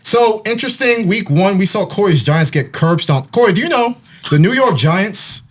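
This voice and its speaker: A man's voice: high-pitched, animated, normal speed. A man hosting a casual sports and music podcast, joking with friends while trying to move the show along. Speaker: podcast host. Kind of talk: casual chat.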